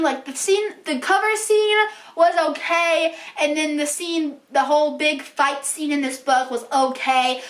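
A woman's voice: sits high, fairly bright tone. A young woman book vlogger chatting casually about books she read, gushing and full of fillers. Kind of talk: casual chat. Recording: echoey room.

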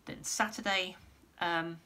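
A woman, a musician giving a casual vlog update, rambling with many pauses and restarts, her voice going hoarse. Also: fairly low pitch, fairly even intonation, pushed and bright. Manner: rambling, lots of ums and restarts. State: losing her voice, clearing throat.

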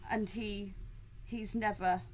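A woman's voice: mid-range voice, steady tone, slow, a little hiss or hum, close to an everyday voice. Woman doing an earnest male villager in a tabletop game, polite, hesitant, pleading. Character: earnest male villager seeking his friend.

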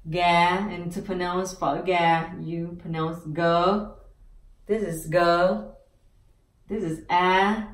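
A woman teaching pronunciation, sounding out each syllable slowly and repeating words. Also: on the low side, steady tone, roomy sound, distant mic. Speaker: language teacher. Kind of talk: slow pronunciation lesson.

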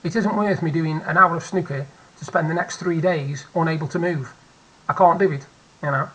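A British man in his forties talks candidly from his seat at home, circling back on his phrases to hammer a point. His voice is a touch husky, bright and forward in tone, and sits a little higher than most men's. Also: normal speed, rough recording. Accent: British English. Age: 40s. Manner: chatty, candid, repeats phrases for emphasis. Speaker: vlogger. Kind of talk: personal storytelling vlog. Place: at home, seated.

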